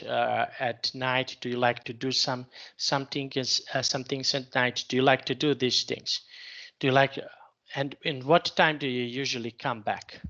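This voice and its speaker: A man's voice: medium pitch, sharp tone, highs cut off. Patient male teacher rephrasing questions. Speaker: English teacher. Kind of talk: online English lesson.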